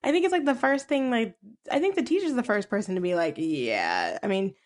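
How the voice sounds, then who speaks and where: A woman casually recapping a film, rambling with filler words and quick asides. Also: on the high side, very animated, a little mellow. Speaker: co-host retelling a film. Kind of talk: casual chat.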